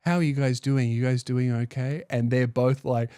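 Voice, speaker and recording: A man's voice: medium pitch, steady tone, moderate pace, mellow, smooth, no room sound, studio quality. A young man giving a rambling, comedic podcast monologue, swearing freely and restarting his sentences.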